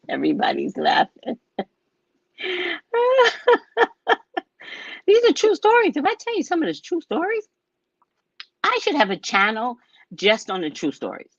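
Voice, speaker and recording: A woman with a West Indian accent, a psychic hosting her own show, telling stories about her clients in a casual, animated way and acting out their voices. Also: normal speed, vocal fry, pauses often, dry recording, lo-fi sound. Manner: animated, acts out clients in loud high voices. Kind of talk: casual storytelling monologue.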